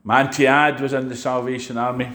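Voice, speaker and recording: A man's voice: medium pitch, flat delivery, fairly bright tone, reverberant. Man preaching a sermon. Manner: rhetorical questions to the congregation; halting, with frequent fillers and restarts.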